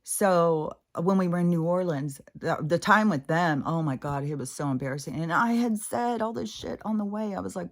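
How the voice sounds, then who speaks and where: A woman's voice: low-pitched, moderate pace. A woman telling a personal story in a casual, candid way, exasperated and freely swearing. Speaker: spiritual vlogger.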